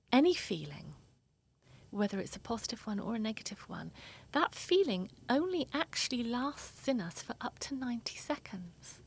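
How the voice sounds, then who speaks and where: A woman therapist speaking in an interview, explaining emotions in a soft, earnest way. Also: fairly high pitch, gravelly, slightly rough. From England. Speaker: therapist guest.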